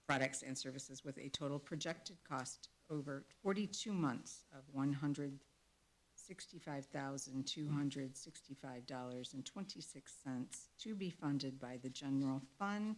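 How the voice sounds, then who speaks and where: A woman's voice: a bass voice, measured pace, darkish tone, poor audio. A woman chairing a school board meeting, calling for motions and reading resolutions aloud in a businesslike way. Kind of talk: formal meeting procedure.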